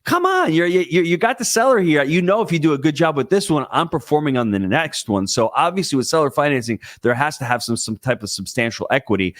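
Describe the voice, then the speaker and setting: A man speaking as a guest on a podcast, giving investing advice in an emphatic, excitable, coaching way. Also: medium pitch, no echo, studio quality. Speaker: guest real estate investor. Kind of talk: podcast interview.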